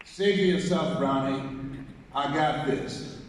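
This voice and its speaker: A man's voice: on the high side, takes it slowly, a loud crowd, very noisy. A man giving a live motivational speech, telling a story, acting out the dialogue and calling on the audience to repeat after him. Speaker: motivational speaker. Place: large hall with audience. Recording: echoey hall, mic from far off.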